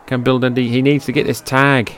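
Excitable man calling wrestling. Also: fairly quick, slight background noise. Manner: swings from low, offhand calling to loud, high-pitched shouting outbursts, swearing. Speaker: wrestling commentator. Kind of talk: amateur play-by-play commentary over old footage. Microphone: personal microphone.

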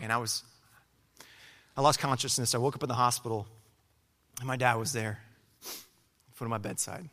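A young adult man preaching his testimony in a church, halting and repeating words, moving from hushed speech to loud preaching. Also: mid-range voice, steady tone. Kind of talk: sermon testimony. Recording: hall reverb.

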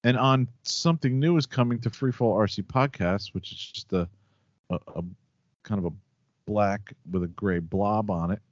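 A man hosting a podcast, casually reading out listener comments in a relaxed, chatty way with hesitant fillers. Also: on the low side, moderate pace, dry recording. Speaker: podcast host. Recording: dull lo-fi dry sound.

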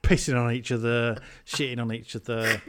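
A man's voice: mid-range voice, flat delivery, normal speed, very noisy. A man recapping a film in a rambling, hesitant way, full of ums and crude jokes. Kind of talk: casual film chat.

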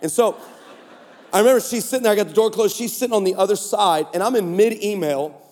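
A man preaching a sermon at a conference, telling stories and building to shouts. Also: high voice, quick pace. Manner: storytelling, animated, rising to shouts. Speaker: pastor. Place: conference stage in a large hall. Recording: echoey large hall.

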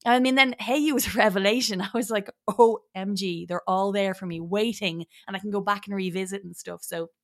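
A woman, a podcast guest in casual chat, animated and laughing as she acts out little voices. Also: mid-range voice, fast talker, hardly any pauses.

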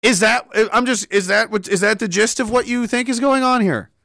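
Young man, profane sarcastic ranter, high-pitched and bright. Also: moderate pace, gravelly, dry recording. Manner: sarcastic, profane, exasperated, laughs a lot. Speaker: commentator. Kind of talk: ranting comedic commentary.

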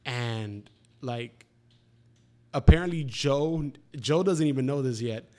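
This mid-range male voice belongs to a guy in his twenties who takes his time while casually swapping stories. The tales are profane and animated, with every quote performed out loud.

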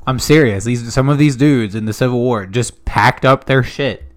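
A young man co-hosting a podcast, chatting casually and acting out quoted characters in an animated way. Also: mid-range voice, normal speed. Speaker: podcast co-host. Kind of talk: casual chat.

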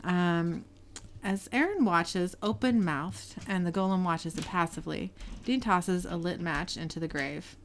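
Speaking a little slowly in a fairly low voice, a woman retells a TV episode scene by scene on a relaxed podcast, with slight background noise audible. She often laughs and briefly alters her voice whenever she reads a character's line.

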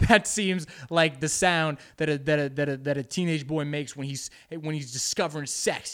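A man's voice: a little high, moderate pace, hardly any pauses, fairly bright tone. A man vlogging in a rambling, self-mocking way, switching between English and Spanish. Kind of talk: casual monologue mixing English and Spanish.

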